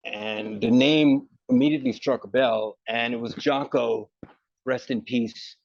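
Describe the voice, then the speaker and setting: Gravelly-voiced male host, eager and chatty, dry lo-fi recording. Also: medium pitch, steady tone, unhurried, no room sound. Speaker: podcast host. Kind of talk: casual interview.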